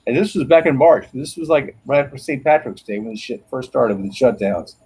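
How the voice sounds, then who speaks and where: A husky, slightly breathy middle-aged man chats casually, telling rambling stories full of swearing. He laughs often and trails off mid-sentence. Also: mid-range voice, fairly quick, mellow, low-quality recording. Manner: profane, rambling storyteller, laughs a lot. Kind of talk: casual chat.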